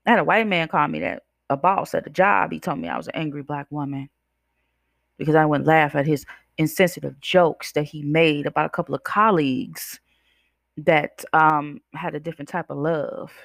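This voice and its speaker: A woman podcast host with a gravelly, creaky edge to her mid-range voice. She talks straight at her listeners in an emphatic, preachy way. The sound is dry and close. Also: deep voice, normal speed, no room sound. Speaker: podcast host and life coach. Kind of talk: podcast monologue.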